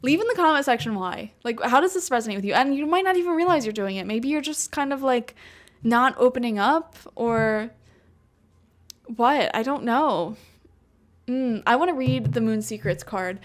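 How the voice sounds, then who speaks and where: A woman giving a casual tarot reading to her viewers, chatty and laughing often, with lots of "like" and "you know". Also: a little high. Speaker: tarot reader. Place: home room with a cat.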